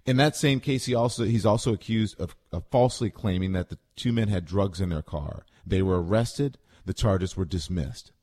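Man, low register, radio commentator; deliberate, blunt read of a news story. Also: dark tone.

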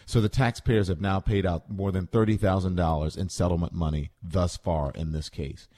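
A man delivering deliberate, blunt news commentary on a morning radio show. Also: deep voice, steady tone, dark tone.

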